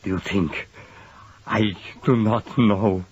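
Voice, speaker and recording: A man's voice: fairly high pitch, big pitch swings, measured pace, breathy edge, dry recording, dull audio, pitched above the performer's own voice, heavily acted. A man voicing a formal middle-aged foreign husband whose wife has died, speaking in stiff careful sentences that break into anguish.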